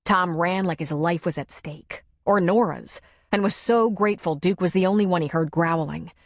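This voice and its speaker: This is scripted audiobook narration of a novel by a woman whose voice is on the low side. She tells the story in a measured, even way, and the clean studio recording has no echo.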